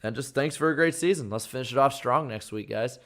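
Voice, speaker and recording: Hoarse man reading super chats. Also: mid-range voice, fairly bright tone. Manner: loose, halting reading with repeated restarts. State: worn-out, hoarse voice. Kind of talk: casual podcast chat.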